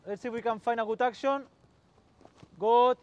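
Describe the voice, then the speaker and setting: High-voiced man coaching on a pitch. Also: steady tone, moderate pace, darkish tone, smooth, muffled recording. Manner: short commands, calls out to players, mixes in Spanish. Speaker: football coach. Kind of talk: on-field coaching demonstration.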